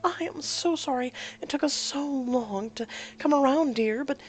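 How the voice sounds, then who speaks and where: A man voicing an apologetic middle-aged mother welcoming her son's bride in a story game, in a high, sweet voice. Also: normal speed, soft background music.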